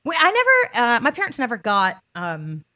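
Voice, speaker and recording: A woman co-hosting a podcast in casual chat, playful and quick to laugh, talking from home over a video call. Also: on the high side, sing-song, pushed and bright, no echo, clean studio sound. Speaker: podcast co-host.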